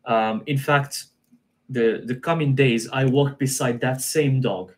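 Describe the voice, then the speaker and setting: A man's voice: medium pitch, steady tone, unhurried. A man, a guest on a live stream, telling a personal story in an earnest way, often repeating himself and restarting sentences.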